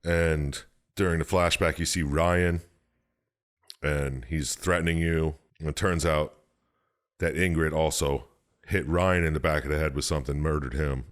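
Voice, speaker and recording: A man co-hosting a podcast, rambling through a game's plot with swearing and jumping into high put-on voices for the characters. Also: fairly even intonation, a little slow. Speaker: podcast co-host. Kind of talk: casual chat, recapping a game plot.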